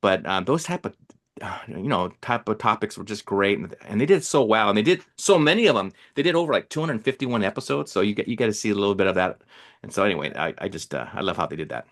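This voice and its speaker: A man's voice: fairly low pitch, lively intonation, fast talker, fairly bright tone. A man co-hosting a podcast in casual chat, rambling with many fillers and restarts. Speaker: podcast co-host.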